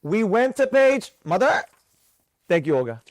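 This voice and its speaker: A man with a high, light voice leads a trading mentorship class in front of students. He talks in an animated, preachy way and hammers his points home by repeating them. The sound is dry and close, with no room echo. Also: unhurried. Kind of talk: live mentorship class talk.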